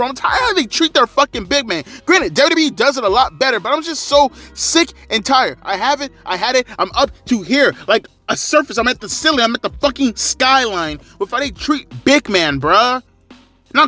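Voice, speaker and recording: A man's voice: very high voice, pushed and bright. A man giving an exasperated, profane, mocking rant as he reviews a wrestling show. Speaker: wrestling commentary vlogger.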